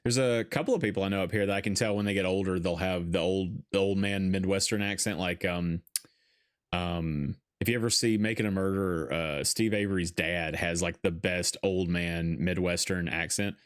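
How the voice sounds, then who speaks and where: A man's voice: low voice, steady tone, moderate pace, clear, resonant tone. A man hosting a podcast, chatting casually while watching a film, laughing often and swearing freely. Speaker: podcast host.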